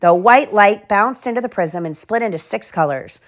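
A mother reading a children's picture book aloud at home, slow and clear, with little side remarks to her kids. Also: mid-range voice, lively intonation.

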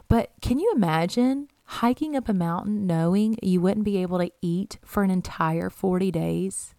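A woman's voice: medium pitch, clean tone, dry recording. A young adult woman giving an earnest, encouraging devotional talk and reading scripture aloud. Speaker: Christian podcast host.

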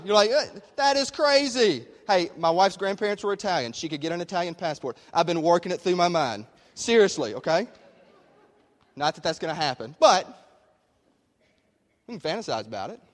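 A man preaching a conversational sermon in a church, with emphatic delivery and many rhetorical questions. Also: a little high. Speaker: pastor. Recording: long hall reverb.

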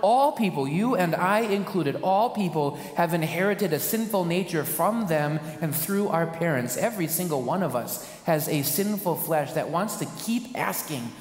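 A man, a pastor, preaching a sermon in a church with dramatic rhetorical questions and slow, emphatic stresses. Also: on the high side, animated, roomy sound, long reverb tail.

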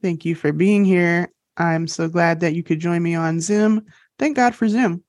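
A woman's voice: fairly low pitch, measured pace, darkish tone, no room sound. A young woman hosting a podcast in casual chat, bubbly and laughing at her own jokes. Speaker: podcast host.

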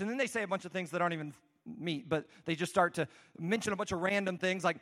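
A man's voice: sits high, fast, pushed and bright. A man preaching a conversational sermon, telling the story casually with frequent restarts and asides. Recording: long hall reverb.

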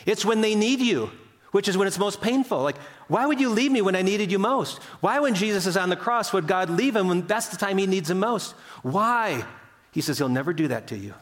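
A man's voice: lively intonation, a little fast. An older man preaching a sermon, earnest and conversational, acting out quoted voices as he tells stories. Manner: earnest, storytelling, acts out quotes with pitch swings. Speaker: pastor.

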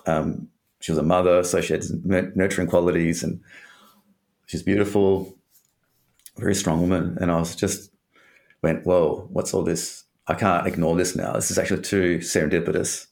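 A man's voice: deep voice, flat delivery, normal speed, vocal fry, darkish tone. A man from Australia telling a candid personal story in an interview, rambling and swearing casually.

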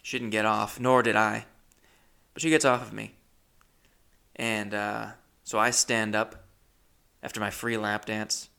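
A young man telling a comic story, animated, swinging from mutters to loud outbursts. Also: fairly low pitch, a little slow, vocal fry, long pauses, clear, resonant tone. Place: Los Angeles area.

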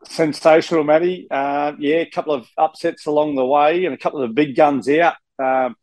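A man's voice: on the high side, fairly even intonation, brisk, darkish tone, no room sound, rough recording. An Australian man and former player co-hosting a casual sports podcast from a hotel room, rambling and dropping "mate" often. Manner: rambling, many fillers and restarts, says mate often.

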